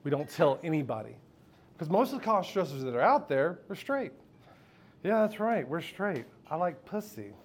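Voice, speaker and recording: High-voiced man telling a profane stage story. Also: big pitch swings, moderate pace, husky. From United States. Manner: profane, candid, laughing with the crowd. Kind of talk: live personal storytelling. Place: live stage before an audience.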